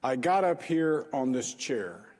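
A man voicing a sheepish little boy making an excuse with his mouth full, husky and echoing. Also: medium pitch, big pitch swings, slow pace, darkish tone. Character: sheepish little boy caught eating cookies.

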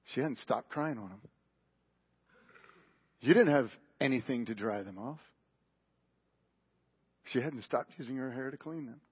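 A gentle, probing Jesus, played by a preacher, who asks his questions quietly and evenly. He speaks in a husky, subdued voice, dropping his volume. The sound is muffled, like a lo-fi live stream. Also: medium pitch, a little slow, pauses often, pitched below the performer's own voice. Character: calm, gently probing Jesus, adult man.

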